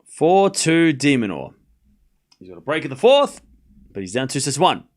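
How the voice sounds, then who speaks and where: A man's voice: mid-range voice, sing-song, moderate pace. Chatty man calling a tennis watchalong. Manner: chatty, jokey, calls scores while reading chat. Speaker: watchalong host. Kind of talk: casual live tennis watchalong commentary.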